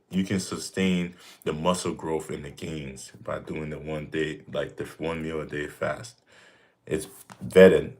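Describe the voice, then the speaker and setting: A man in his thirties hosting a casual livestream Q&A, talking emphatically and repeating himself, breaking into jokes. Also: a bass voice. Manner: emphatic, repetitive, joking, with bursts of mock voices. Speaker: fitness streamer answering viewer questions.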